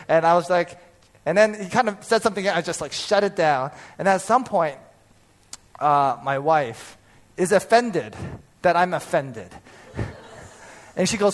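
A man in his thirties preaching as a pastor, telling a personal story with animated, acted-out quotes and frequent laughter. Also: high voice, a little slow.

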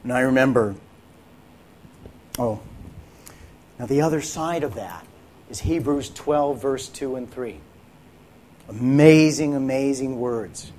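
A man, an actor, telling a dramatic faith testimony about a film role, often dropping into hushed whispers. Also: medium pitch, slow, pauses often. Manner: intense, drops to hushed whispers at moments. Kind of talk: dramatic personal storytelling.

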